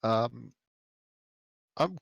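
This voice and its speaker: A man playing a tabletop game, hesitant with many pauses before stating his moves. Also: mid-range voice, lively intonation, vocal fry, slightly rough, no room sound, highs cut off. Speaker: player. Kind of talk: casual tabletop play.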